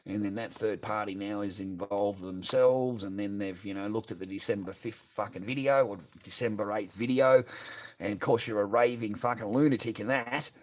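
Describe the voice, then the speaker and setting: A man's voice: lowish voice, moderate pace. Profane, ranting Australian man. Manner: profane, blunt and combative; reads viewer comments aloud and answers them. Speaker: livestreamer. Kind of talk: ranting live stream chat.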